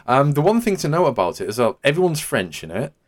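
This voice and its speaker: A man's voice: medium pitch, sing-song, quick pace. A man, hosting a podcast in casual chat and rambling hesitantly with many hedging fillers. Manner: rambling, hesitant, full of "sort of" hedges. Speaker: podcast host.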